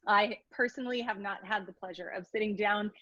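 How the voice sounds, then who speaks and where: A woman's voice: mid-range voice, a little fast, pushed and bright, dry recording, lo-fi sound. A woman introducing a speaker at an event, laughing often between phrases. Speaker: event host introducing the author. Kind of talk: prepared introduction speech.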